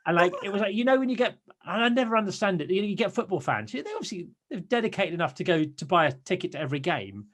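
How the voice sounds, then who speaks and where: This is a man in his thirties who talks very fast and rants animatedly as he tells a story. His voice sits a little high for a man. He speaks as a guest in a casual chat. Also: sing-song, a bit bright.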